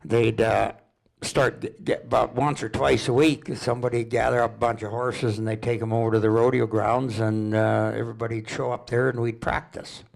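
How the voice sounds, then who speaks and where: Gravelly older man telling stories. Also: medium pitch, flat delivery. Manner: rambling, unhurried, with chuckles and restarts. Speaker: local storyteller. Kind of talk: folksy storytelling at a public presentation.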